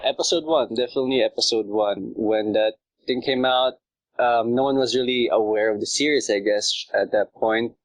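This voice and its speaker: A man's voice: medium pitch, normal speed, no room sound, rough recording. A man chatting as a podcast guest, rambling with lots of fillers and laughter. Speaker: podcast guest, subreddit creator. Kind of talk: casual chat.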